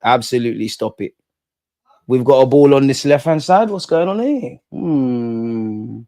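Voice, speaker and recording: A young man hosting a live football watch-along, blunt and slangy, chanting and shouting when his team scores. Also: medium pitch, lively intonation, unhurried, dry recording, clean studio sound.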